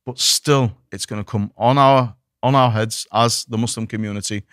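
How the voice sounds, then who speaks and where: A man's voice: on the low side, normal speed, no room sound, studio quality. A man, an imam, speaking earnestly as a podcast guest, often repeating words as he restarts his sentences. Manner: animated, many repeated restarts. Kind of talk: earnest conversational discussion.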